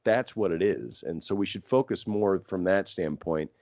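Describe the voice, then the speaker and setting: A man's voice: sits low, normal speed, darkish tone, no room sound. A man hosting a talk show, reflectively explaining an idea to his guest in a coaching tone. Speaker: radio show host. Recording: dry, dull lo-fi audio.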